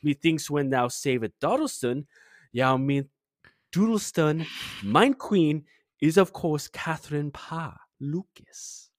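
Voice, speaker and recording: Man doing a 1500s English farmer, mock German accent, halting, pitch jumping high and low. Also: expressive, no room sound, clean studio sound. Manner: halting, stumbling over archaic words. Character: English farmer man from 1521, old-fashioned, chatty. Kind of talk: reading a message aloud in a put-on voice.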